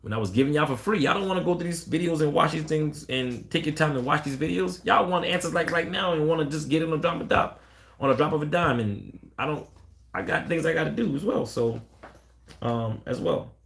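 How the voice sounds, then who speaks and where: A man, a dog breeder answering questions on a casual live stream, blunt and animated, quoting callers in a raised voice. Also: a little high, a little fast, gravelly.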